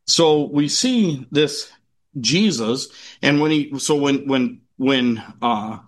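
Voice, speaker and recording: A man teaching a Bible class in a loose, conversational way, stopping and restarting often and reading scripture aloud at a quicker clip. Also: medium pitch, lively intonation.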